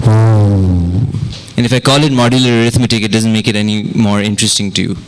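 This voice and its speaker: A man's voice: fairly low pitch, steady tone, rapid-fire, clear, resonant tone. Man counting rhythm beats aloud. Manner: counts beats aloud, mixes Hindi and English. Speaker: music teacher. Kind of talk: interactive workshop talk. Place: event room with audience.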